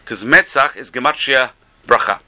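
A man teaching a Torah class as a rabbi, animated and exclamatory, dropping to soft asides and rising to loud emphasis. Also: mid-range voice, normal speed.

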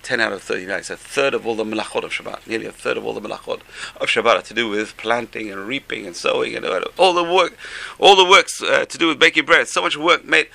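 A man leads a Torah class in a gravelly voice, animated and exclamatory. His tone is sharp and bright. He drops to near-murmured asides, then rises to loud, emphatic points. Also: mid-range voice, fast talker. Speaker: rabbi teaching a class.

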